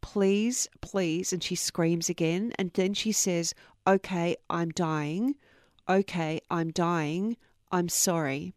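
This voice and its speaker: A woman's voice: fairly low pitch, fairly even intonation, slow, dry recording, clean studio sound. A middle-aged woman hosting a true crime podcast, reading out quotes earnestly and adding personal asides. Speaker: podcast host.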